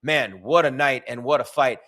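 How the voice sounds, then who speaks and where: An excited man giving live commentary on a fight result, emphatic and exclamatory. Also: mid-range voice, normal speed.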